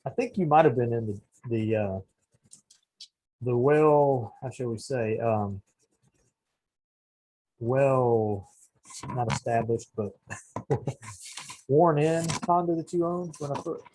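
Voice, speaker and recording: Husky-voiced man rambling in casual chat. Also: medium pitch, takes it slowly, long pauses, mellow, rough recording. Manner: rambling, hesitant, searches for words. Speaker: podcast co-host.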